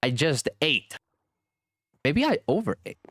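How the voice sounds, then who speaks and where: With big pitch swings and a slow pace, a man in a fairly bright tone chats casually on a game stream. He reads and responds to viewer messages, offers thanks, and pokes fun at himself. The recording has no echo.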